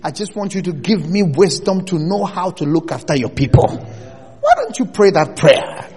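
A male pastor preaches with an animated, swinging delivery and a slightly raised pitch. His voice rises into loud bursts as he presses each point. The sound rings out with a long reverb, as if recorded in a large church hall. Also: moderate pace. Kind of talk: sermon.

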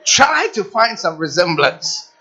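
A preacher delivering a sermon dramatically, repeating and stretching key words, dropping to a hush and then rising to a shout, and often asking the congregation questions. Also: medium pitch, very animated, takes it slowly, slight background noise. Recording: dull lo-fi sound.

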